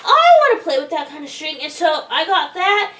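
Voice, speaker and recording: Very high-voiced, naive, rambling woman. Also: sing-song, normal speed, bright, forceful tone. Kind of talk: comedy sketch dialogue. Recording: roomy and distant from the mic.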